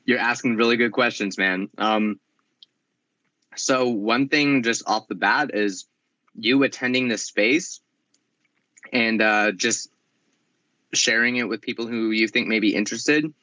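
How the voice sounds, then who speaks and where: A man with a bright, forceful voice hosts a casual online chat, encouraging the listeners and chatting along with plenty of ums. The sound is dry and close. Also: lowish voice, fairly even intonation, a little slow, long pauses, no room sound. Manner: encouraging, chatty, uses many fillers. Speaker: host of community audio space. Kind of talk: casual audio chat room talk.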